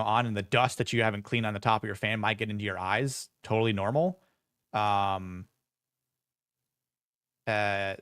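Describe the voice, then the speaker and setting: A man's voice: lowish voice, a bit bright, clear, resonant tone, no room sound, clean studio sound. A man in his forties hosting a live podcast, talking casually with many fillers and sarcastic asides. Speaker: podcast host. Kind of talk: casual live-stream commentary.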